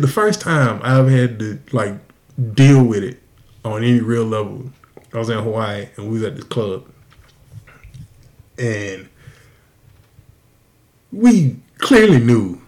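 A man hosting a podcast, telling a crude story in a profane, animated way and laughing often. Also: lowish voice. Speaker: podcast host. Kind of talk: casual storytelling.

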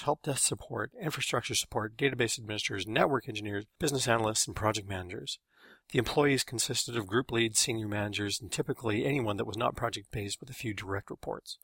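A man's voice: on the low side, gravelly, a bit bright, slightly rough, no echo, studio quality. A man reading his own story in wry, matter-of-fact first-person narration.

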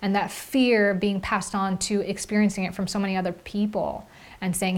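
A woman's voice: medium pitch, level tone, a little fast. A young woman hosting a reflective personal monologue, earnest and heartfelt, often filling with "like". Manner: earnest, heartfelt, with frequent "like" fillers. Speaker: podcast host.

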